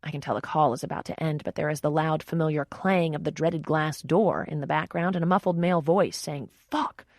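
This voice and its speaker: A woman narrating a romance audiobook in the first person, with wry, expressive storytelling. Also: low-pitched, a little fast, no room sound, studio quality.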